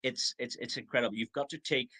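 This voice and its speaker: A man's voice: medium pitch, fairly even intonation, quick pace, bright, forceful tone, poor audio. A man in his sixties giving a motivational training talk over a video call, acting out replies in quoted voices. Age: 60s. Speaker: network marketing trainer.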